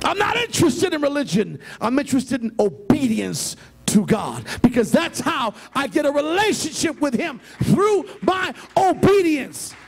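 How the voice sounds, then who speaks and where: A male pastor preaching a sermon in a notably high voice. He swings from soft, quiet asides up to loud, shouted emphasis, full of feeling. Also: very animated, moderate pace, gravelly, hardly any pauses.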